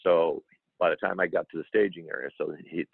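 A brisk, low-pitched male voice with vocal fry and a slightly rough edge recounts a heartfelt personal story as an interview guest. Earnest and lively, he acts out what others told him. The sound is dry and tinny, like a telephone line.

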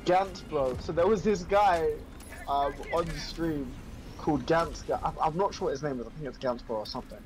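A man's voice: on the high side, moderate pace, slight background noise, low-quality recording. A young man playing a game with a friend, bantering playfully with lots of ums and likes. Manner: playful, joking banter with a lot of fillers. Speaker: co-player. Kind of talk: casual gaming chat.

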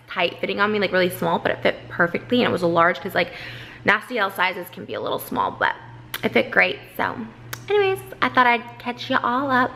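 Bright-voiced young woman rambling in a vlog. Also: medium pitch, vocal fry. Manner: gushing, rambling, says "like" a lot. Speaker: vlogger. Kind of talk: casual vlog chat. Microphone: on-camera mic.

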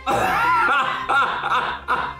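A man streaming a game live, excitable and often shouting and laughing as he talks to his chat. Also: extremely high pitch, drawn-out words, reverberant. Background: faint game music.

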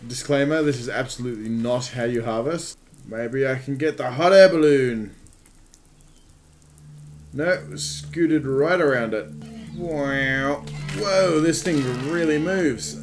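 A man's voice: medium pitch, slow pace, faint music behind. A man giving jokey let's-play commentary over a game, exclaiming and making silly sound effects. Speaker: gaming video host.

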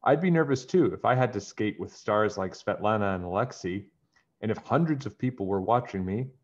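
A man's voice: on the low side, animated, brisk, close to an everyday voice. A blunt, wry young girl tosses off dry remarks. A man reads her in a raised storybook voice. The recording is dull and lo-fi.

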